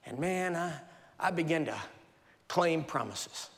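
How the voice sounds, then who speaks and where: An American man preaching a sermon, telling a personal story vividly and dramatically, even acting out sounds. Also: fairly high pitch, measured pace. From United States. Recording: long reverb of a large hall.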